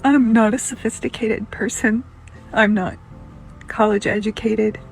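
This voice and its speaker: A woman's voice: fairly high pitch, fairly even intonation, unhurried, gravelly, faint music behind, rough recording. A woman talking emotionally to camera, sometimes dropping to a whisper. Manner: emotional, breathless, drops to whispers. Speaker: social media creator. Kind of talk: emotional casual talk to camera.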